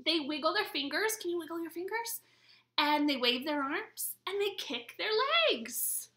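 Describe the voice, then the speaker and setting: American woman, librarian, baby storytime, high voice, very lively, bright and sing-song. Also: moderate pace, slight background noise. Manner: sing-song and animated, addressing babies. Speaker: children's librarian. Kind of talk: baby storytime read-aloud.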